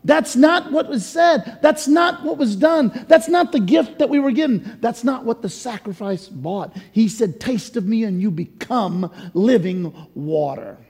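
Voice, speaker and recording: A man preaching a sermon in a church, emphatic, swinging from loud to hushed. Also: extremely high pitch, expressive, unhurried, gravelly, hardly any pauses, husky, big-room sound. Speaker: pastor. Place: church sanctuary.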